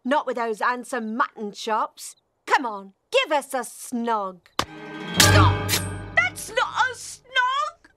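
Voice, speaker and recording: A woman voicing a flirty woman in a cartoon, with a slow, coaxing drawl. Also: a little high, sing-song, loud music behind the voice. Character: flirty Cockney woman begging a kiss.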